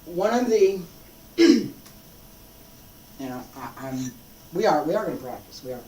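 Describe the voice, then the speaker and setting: An instructor speaks slowly and emphatically about determination, with a lively pitch that rises and falls. Phrases get repeated for force. The mic sits far back, so the voice sounds distant and roomy. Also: a little hiss or hum. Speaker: martial arts instructor. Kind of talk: unscripted teaching talk.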